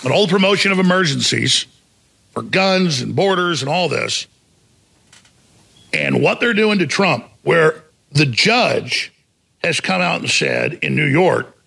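A fiery male talk show host in a heated, mocking rant, often bursting into shouts. His voice is raspy and gravelly, with a bright, sharp edge. His pitch sits high and swoops widely as he talks. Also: lively intonation, a little slow. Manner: combative, mocking, shouts for emphasis.

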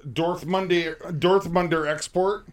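A man co-hosting a casual beer-tasting chat, soft-spoken and halting, stumbling over his words. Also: high-pitched, fairly even intonation. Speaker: podcast co-host. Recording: distant mic in a loud crowd.

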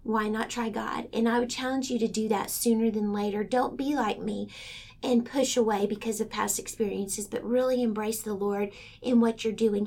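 A woman with a fairly high voice and a gravelly, fry-laden edge. She speaks candidly and earnestly about faith in a casual conversation, sometimes falling almost to a whisper. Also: fairly even intonation, normal speed. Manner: earnest, heartfelt, drifts into hushed tones. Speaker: guest author.

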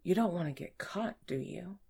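A woman voicing a stern, teasing female office supervisor in an erotic audiobook reading, speaking in a sly, commanding way that often drops to a hush. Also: on the low side, lively intonation, moderate pace, creaky, slightly rough, voice pushed up, heavily acted.

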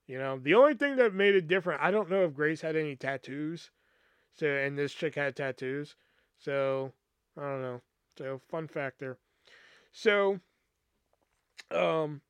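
A man's voice: fairly high pitch, fairly bright tone, clear, resonant tone, no room sound, studio quality. A man hosting a podcast, telling a personal story in a rambling, casual way, swearing often and using many fillers. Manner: rambling, profane, lots of fillers. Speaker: podcast host.

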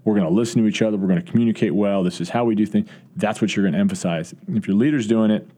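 A college football coach speaks at a racing clip in a lowish, dark-toned voice. Answering the podcast interviewer's questions earnestly, he frequently starts over and leans on fillers.

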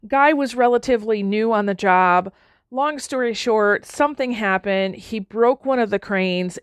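An earnest woman gives a motivational leadership talk, often restarting her sentences and acting out the dialogue in her stories. Her voice sits in a middle pitch range. The sound is dry and close, with no room echo. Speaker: leadership speaker.

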